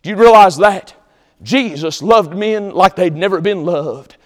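A man preaching a sermon, emphatic, swinging between loud exhortation and hushed tones. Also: high-pitched, a little slow, in a large hall.

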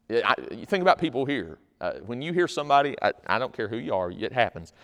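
Folksy preacher in a reverberant hall. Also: male voice, mid-range voice, a bit bright. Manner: folksy, conversational, acts out little scenes. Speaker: pastor. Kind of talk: sermon.

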